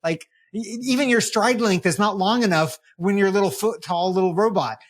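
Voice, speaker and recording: Joking, animated tech podcast host. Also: medium pitch, fairly quick. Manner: animated, joking, exasperated asides. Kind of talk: casual tech news chat.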